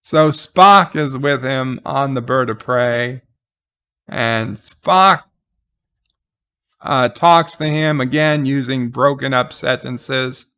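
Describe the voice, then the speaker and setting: Slow-talking man with a smooth voice. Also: mid-range voice, pushed and bright. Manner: halting, with frequent restarts and fillers. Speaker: TV episode reviewer. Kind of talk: casual recap of an episode.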